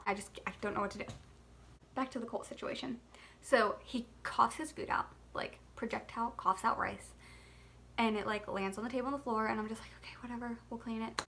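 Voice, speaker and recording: Chatty young mom, slightly high voice. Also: female voice, gravelly. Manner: chatty and expressive, laughs often, many filler "like"s. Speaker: mother and vlogger telling a story. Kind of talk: casual storytime monologue.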